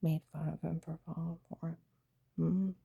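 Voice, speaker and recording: Low gravelly woman, breathy half-whisper. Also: little pitch movement, normal speed, dry recording, phone-quality sound. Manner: agitated, emphatic retelling with quoted dialogue. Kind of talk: personal storytelling vlog.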